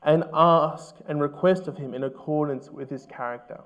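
A man preaching a sermon as pastor, earnest and measured, asking his listeners questions. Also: on the high side, steady tone, a bit bright, dull audio.

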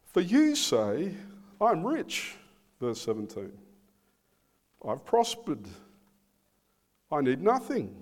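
A man preaching a sermon, slow and emphatic, repeating phrases for weight. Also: fairly high pitch, huge pitch swings, a little mellow. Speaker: pastor.

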